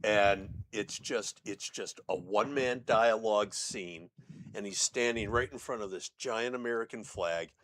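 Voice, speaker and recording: A man's voice: on the low side, measured pace, fairly bright tone. A man co-hosting a casual movie podcast, describing a favorite scene with fired-up enthusiasm. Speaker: podcast co-host.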